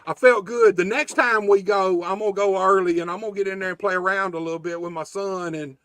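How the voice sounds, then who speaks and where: A man's voice: high voice, fairly even intonation, fast talker, a bit bright, no room sound, studio quality. A man, hosting a casual wrestling podcast chat in a loose, profane, laid-back way. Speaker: podcast host.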